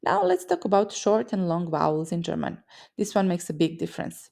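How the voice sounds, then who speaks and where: A woman's voice: on the low side, very animated, brisk, vocal fry, darkish tone. A woman from a Serbian-speaking region teaching pronunciation in a scripted lesson, explaining sounds with vivid mental images. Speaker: language teacher.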